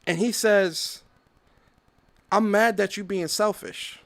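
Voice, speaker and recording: A man's voice: high voice, slow, vocal fry, long pauses. A man hosting a podcast, ranting in opinionated solo commentary, swearing freely and acting out little dialogues. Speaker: podcast host.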